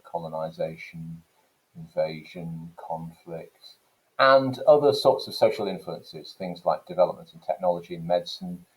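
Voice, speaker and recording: A man teaching an English language lesson, explaining points in a relaxed lecture with frequent "okay" and "so" fillers. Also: low voice, low-quality recording. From England. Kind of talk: classroom lecture.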